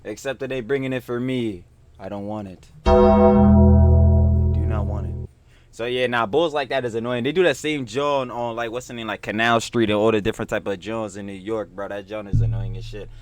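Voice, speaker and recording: A man co-hosting a casual reaction show, talking in heavy slang with lots of swearing and animated emphasis. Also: fairly low pitch, fairly quick, music in the background. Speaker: co-host.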